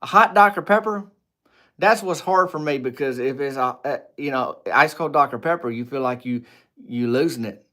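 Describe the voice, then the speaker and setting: A man hosting a casual livestream, rambling and joking with viewers, swinging between loud greetings and low asides. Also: moderate pace. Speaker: livestream host. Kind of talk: casual live chat with viewers.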